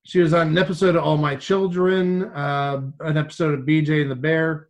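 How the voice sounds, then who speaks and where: A man's voice: a little high, flat delivery, moderate pace. A man co-hosting a casual podcast chat, making wry joking asides. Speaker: podcast co-host. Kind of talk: casual chat about old TV.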